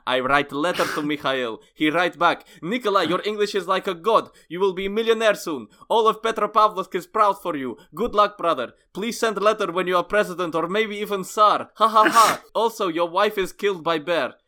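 A man's voice: high voice, brisk, few pauses, bright, forceful tone, pitched above the performer's own voice. A man voicing a boastful Russian male immigrant in broken English, with a put-on Russian accent and rolled R's. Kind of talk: comic reading of a review.

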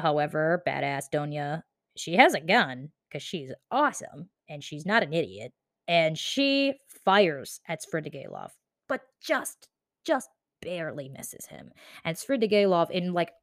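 A woman's voice: low voice, no echo, clean studio sound. A young woman casually summarizing a novel, chatty and profane, with lots of "like.". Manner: chatty, profane, says "like" often. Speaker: book explainer.

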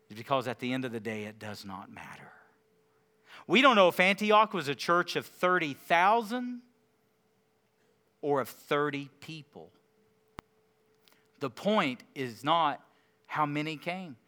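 Male preacher, slightly high bright voice, dramatic dynamics, faint music bed behind. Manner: dynamic preaching, swinging from loud emphatic to hushed and quiet; rhetorical questions to the congregation. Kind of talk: sermon.

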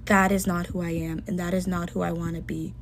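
A woman's voice: lowish voice, little pitch movement, fairly quick, a little hiss or hum. A young woman hosting a podcast, speaking earnestly and emotionally in a personal monologue. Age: young adult. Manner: earnest, heartfelt self-talk with soft dips. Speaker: podcast host.

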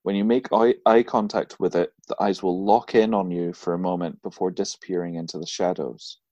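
Low-voiced man telling ghost stories. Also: fairly even intonation, a little fast, dark tone, dry recording, muffled recording. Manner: laughs often and swears freely while reading out stories. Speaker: podcast co-host.

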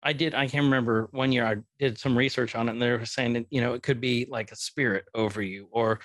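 A man's voice: medium pitch, fairly even intonation, fairly bright tone, dry recording. Guy chatting loose on a podcast, swears a bit, dead dry sound. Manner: loose, swears casually, halting. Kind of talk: casual chat.

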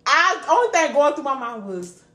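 A young woman podcast co-host, telling an animated, profane story in casual chat and laughing often. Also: high-pitched, fast talker. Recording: echoey room with faint ambient noise.

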